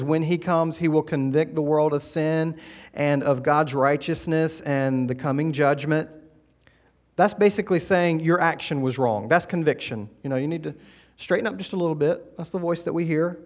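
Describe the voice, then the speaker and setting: A middle-aged man preaches a Sunday sermon in a church sanctuary, his voice sitting a little high for a man. He talks to the congregation conversationally and drops in quick asides to keep them with him. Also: a little mellow. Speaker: pastor.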